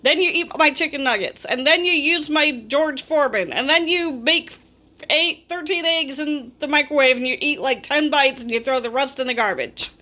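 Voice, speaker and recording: A woman's voice: sits high, moderate pace, sharp tone. A woman vlogger telling a storytime, exasperated and ranting with animation. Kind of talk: storytime vlog.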